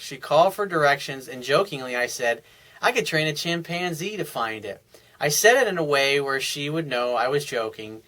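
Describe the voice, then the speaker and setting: A man's voice: mid-range voice, bright, forceful tone, low-quality recording. A man giving casual, blunt dating advice as a coach, answering a viewer's email in a conversational monologue.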